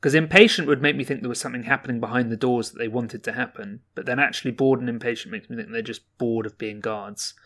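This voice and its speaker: A man's voice: mid-range voice, steady tone, fast talker, few pauses, fairly bright tone. A man casually talking through choices while playing a gamebook. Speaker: player making choices. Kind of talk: casual chat.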